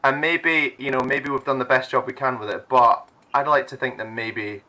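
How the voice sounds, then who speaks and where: A man's voice: mid-range voice, fairly even intonation, normal speed, bright, forceful tone, rough recording. A man hosting a youth livestream, chatty and upbeat, laughing often. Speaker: youth leader and stream host. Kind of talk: casual chat.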